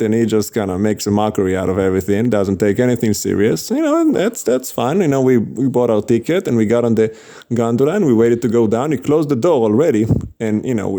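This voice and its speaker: A man's voice: medium pitch, dark tone. A man casually telling a story about street preaching, chatty, with frequent laughs and fillers.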